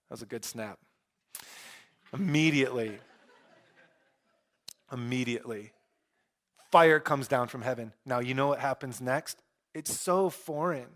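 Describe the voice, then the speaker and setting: A middle-aged man preaching a conversational sermon, with joking asides and animated emphasis. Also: medium pitch. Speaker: pastor.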